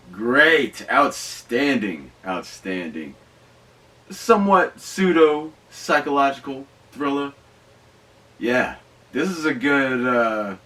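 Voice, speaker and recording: A man hosting a podcast, rambling excitedly and swearing through casual riffs. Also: lowish voice, far from the mic, poor audio. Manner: excitable, profane, rambling with asides. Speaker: podcast host reviewing movies. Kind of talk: casual riffing commentary.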